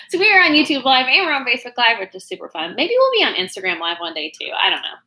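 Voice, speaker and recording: This Oklahoma business coach has a Southern accent and a high, sharp voice with big pitch swings and a quick pace. She chats in a bubbly, rambling way full of fillers during a casual livestream, and the audio is poor since no external mic is plugged in.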